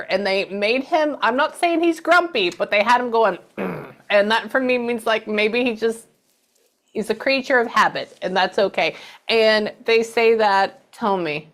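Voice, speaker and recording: A woman's voice: a little high, a little slow, fairly bright tone. Chatty woman medium relaying messages. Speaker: medium giving a reading. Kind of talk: psychic reading session.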